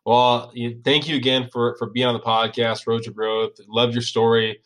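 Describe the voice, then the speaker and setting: A man's voice: medium pitch, little pitch movement, moderate pace, a bit bright. A man hosting a podcast interview, friendly and a little teasing. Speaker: podcast host. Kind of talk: casual interview talk.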